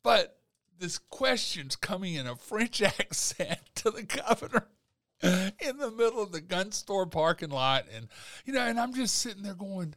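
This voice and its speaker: A man's voice: high voice, unhurried, no echo, studio quality. A man hosting an interview show and trading anecdotes with his guest in a chatty, storytelling way. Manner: chatty storyteller, animated when telling anecdotes. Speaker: show host, reporter. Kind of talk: conversational interview.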